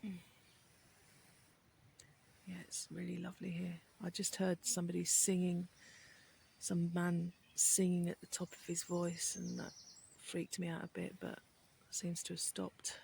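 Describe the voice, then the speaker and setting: Casting: tired, rambling woman vlogger, light Brummie accent, very gravelly voice, faint birdsong and outdoor noise. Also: fairly low pitch, monotone, measured pace, a little mellow. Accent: Birmingham (Brummie), softened. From Birmingham, England. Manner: rambling, chatty, with frequent ums. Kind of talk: casual chat to camera.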